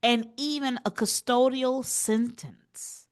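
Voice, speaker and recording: A woman co-hosting a comedic news chat, animated and laughing often as she retells stories. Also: fairly high pitch, takes it slowly. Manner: animated, laughs often, tries silly accents. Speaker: co-host.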